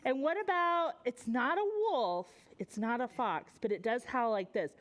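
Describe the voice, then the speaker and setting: An American woman leading a preschool story time in a library, singing and coaxing young children in a lively sing-song way. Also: a little high, normal speed.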